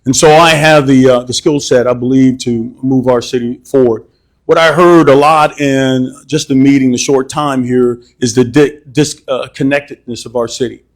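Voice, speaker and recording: A man in his sixties from Cincinnati, a retired fire chief running for council, speaking in a measured, methodical way with some hesitant fillers. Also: medium pitch, steady tone, rough recording. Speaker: council candidate. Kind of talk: campaign speech at community meeting.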